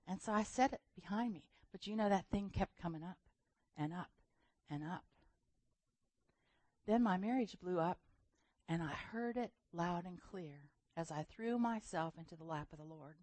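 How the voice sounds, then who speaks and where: A woman preaching a sermon, telling a story with lively, acted-out voices and a laugh now and then. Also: medium pitch, normal speed, no echo.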